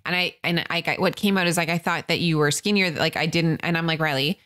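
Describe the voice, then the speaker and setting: A woman in her thirties, a podcast co-host, chatting casually, teasing and quick to laugh. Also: deep voice, a bit bright. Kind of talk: casual chat.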